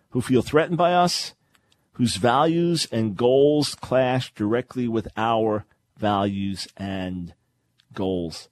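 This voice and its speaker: A man hosting a radio show and teaching from the Bible in an emphatic, preacherly way, repeating his key phrases. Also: medium pitch.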